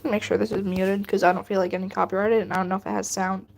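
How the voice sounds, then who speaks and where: A woman's voice: medium pitch, level tone, quick pace, gravelly, a little hiss or hum. A woman streaming while she finishes a drawing, chatting casually with her viewers, teasing and laughing often. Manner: playful, teasing, laughs often, answers chat.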